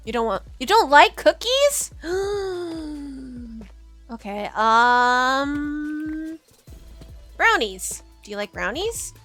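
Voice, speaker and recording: Bright, lively woman chatting on stream. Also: high-pitched, slow, long pauses, dry recording, faint music behind. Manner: chatty, giggly, rambling with frequent restarts. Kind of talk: casual livestream chat with chat.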